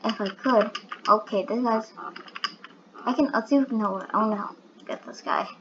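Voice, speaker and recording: A woman giving excitable, giggly commentary over her own gameplay, full of sudden exclamations. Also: a little high, a little fast, muffled recording, background noise. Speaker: gaming channel host.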